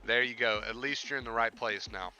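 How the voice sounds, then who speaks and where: A man talks straight to his live-stream audience, earnest and heartfelt while still in grief. His voice is sharp and bright at a middling pitch, and he circles back on his own phrases. Faint music sits behind him. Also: brisk. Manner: earnest and heartfelt, repeats himself for emphasis. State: grieving. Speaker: YouTube live-streamer hosting a mental-health Q&A. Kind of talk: casual live-stream talk to viewers.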